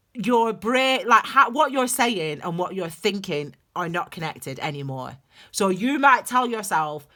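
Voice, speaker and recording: A woman giving a tarot reading for her channel, talking in a chatty, digressive and animated way. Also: on the high side. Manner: calls viewers "my darlings". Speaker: tarot reader. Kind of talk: casual tarot reading vlog.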